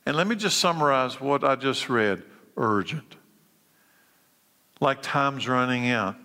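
Bright-voiced preacher in a reverberant hall. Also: male voice, measured pace. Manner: preaching with emphatic shifts between loud urgent calls and low quiet lines. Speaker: pastor. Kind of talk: sermon. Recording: long reverb of a large hall.

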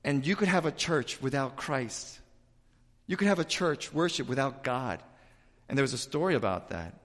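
A man preaching a sermon in a church, animated, with loud emphatic bursts and asides to the congregation. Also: mid-range voice, moderate pace. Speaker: pastor. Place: church sanctuary. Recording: reverberant church hall.

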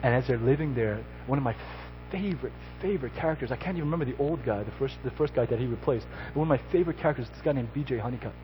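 A man's voice: mid-range voice, very fast, few pauses. A man giving a sermon, telling a story and then exhorting his listeners with rising emphasis. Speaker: pastor. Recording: slightly dull recording with faint noise.

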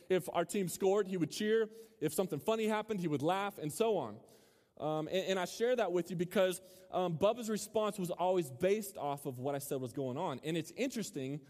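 A man's voice: high-pitched, darkish tone. A young man preaching a casual, joking sermon to a student crowd and quizzing them as he goes. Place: large hall with a live audience. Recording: hall reverb.

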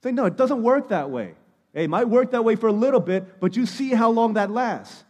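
High-voiced preacher in a reverberant hall. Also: male voice, expressive, a little fast. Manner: conversational, emphatic preaching that swings between loud stress and hushed lows. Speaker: pastor. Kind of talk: sermon.

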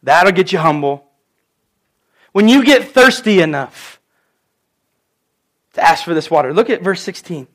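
A man with a notably high voice preaches to his church congregation. He talks earnestly and conversationally, drifting into personal stories as he makes his points. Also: animated, measured pace, long pauses, a bit bright. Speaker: pastor. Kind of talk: sermon.

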